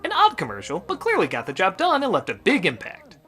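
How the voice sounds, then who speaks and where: Wildly animated sarcastic male reviewer. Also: high-pitched, fairly quick, soft background music. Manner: sarcastic, crude exclamations. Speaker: video reviewer. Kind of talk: comedic review narration.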